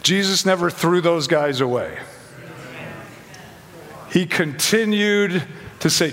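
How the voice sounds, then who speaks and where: A man with a fairly high voice preaching a conversational sermon. He asks questions and slips into quick acted-out lines from his story. His voice rings out in a hall with long reverb. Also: fairly bright tone.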